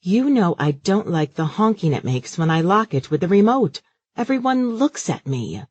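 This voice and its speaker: A man voicing a flustered, uptight middle-aged mother in an audiobook, high, fussy and shrill. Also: big pitch swings, normal speed, a little mellow, breathy edge, dry recording, dull audio, exaggerated voice. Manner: high, fussy and shrill, sing-song at times. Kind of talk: audiobook character voice.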